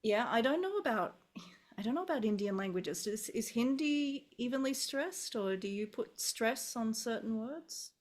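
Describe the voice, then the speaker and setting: A fairly high-pitched middle-aged Australian woman who teaches English talks at normal speed on a relaxed video call. She thinks aloud, frequently starting her sentences over.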